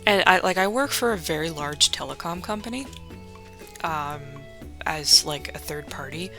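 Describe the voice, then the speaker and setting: Casual young woman with a gravelly bright voice. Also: low voice, lively intonation, normal speed, faint music behind. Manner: rambling, profane, full of likes. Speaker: let's play host. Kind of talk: casual gaming commentary.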